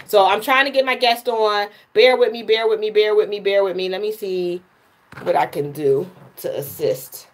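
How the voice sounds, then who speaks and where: A woman's voice: medium pitch, moderate pace. A woman hosting her own livestream, talking straight to viewers in a chatty way and often repeating words. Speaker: livestream host and poet. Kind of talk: casual livestream chat with viewers.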